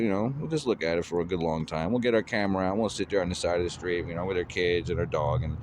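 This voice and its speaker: A man's voice: sits low, quick pace, hardly any pauses, noisy background. A man rambling in a casual monologue, drawling with lots of fillers like "you know" and "man".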